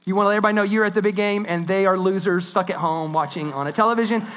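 Animated man preaching a casual sermon. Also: sits high, rapid-fire. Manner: conversational, animated preaching with swings between loud and hushed. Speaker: pastor.

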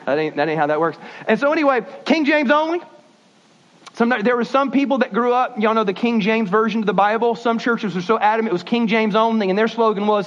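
A man preaching a sermon, animated and folksy, shifting his pace suddenly. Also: high voice, a little fast. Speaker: pastor. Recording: dull lo-fi sound.

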